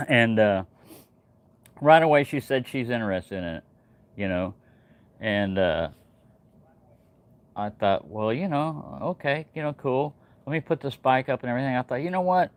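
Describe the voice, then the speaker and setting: A man from New Mexico, now hosting his channel's casual livestream from home in Texas, rambles through a long story full of fillers and restarts. His voice is medium-pitched at a normal speed, with long pauses and no echo.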